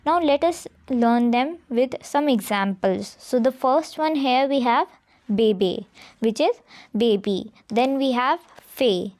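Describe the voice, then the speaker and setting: A woman with an Indian accent gives a beginner French lesson in a high, clear voice. She explains slowly and patiently, spelling words out one letter at a time. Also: expressive, darkish tone. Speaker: French teacher.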